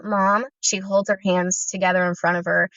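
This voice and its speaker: A woman's voice: lowish voice, flat delivery, moderate pace, fairly bright tone, no room sound. A woman in her thirties telling her own story in an earnest, intense first-person account of fear, remembered in vivid detail. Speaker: guest sharing her story. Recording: dull, dry lo-fi audio.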